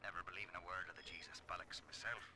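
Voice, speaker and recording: An actor playing a drunken, cynical male architect, low and slurring, in video game dialogue. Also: fairly even intonation, quick pace, over a noisy crowd, natural voice. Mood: bitter drunk. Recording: game audio with ambient noise.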